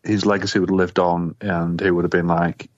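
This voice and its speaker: A man's voice: low-pitched, flat delivery, a little fast, highs cut off. A man co-hosting a podcast in casual chat, blunt, mocking and sweary. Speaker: podcast co-host.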